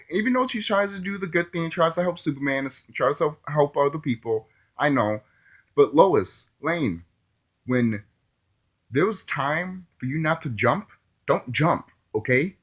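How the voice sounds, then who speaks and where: Male reviewer, casual and chatty, mid-pitched, swings up and down a lot, laughs at himself. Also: a bit bright. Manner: rambling, laughs often at own jokes. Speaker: movie reviewer.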